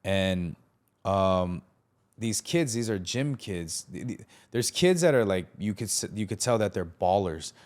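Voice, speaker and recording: A man's voice: low-pitched, unhurried. A young man hosting a podcast, telling a personal story in a casual, slangy way and acting out what others said. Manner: animated, acts out the quoted lines of others; casual, slangy, many fillers. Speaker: podcast host.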